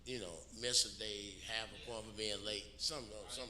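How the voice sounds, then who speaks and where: A man's voice: fairly low pitch, fairly even intonation, normal speed, crowd noise. A middle-aged man, co-hosting a radio talk show and telling a long story in a profane, emphatic way, often checking in with "you know what I'm saying". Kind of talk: casual storytelling chat. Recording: roomy echo with faint noise.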